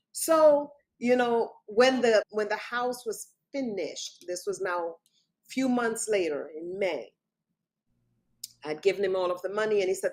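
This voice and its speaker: A woman's voice: mid-range voice, expressive, unhurried. A woman guest on an interview show, recounting a personal story in vivid detail and often quoting what others said. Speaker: author guest.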